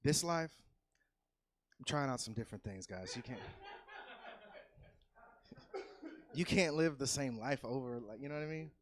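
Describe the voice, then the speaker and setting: A man doing a loose, profane stand-up set on a comedy club stage, swinging from easy chatter into loud yelled bits. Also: mid-range voice, huge pitch swings, slow pace, pauses often. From California.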